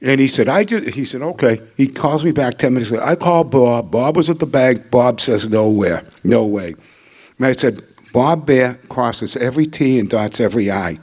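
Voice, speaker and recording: An older man, a hall of fame inductee, gives an acceptance speech into a podium microphone in a ceremony hall. His medium-pitched, slightly mellow voice moves fairly quickly as he tells his story with humor and quips, like a seasoned speaker thanking the people around him.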